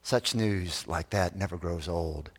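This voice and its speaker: A man preaching a sermon, telling a story that swells loud and then drops to a hush. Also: sits low, unhurried, slightly rough. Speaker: pastor. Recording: long reverb of a large hall.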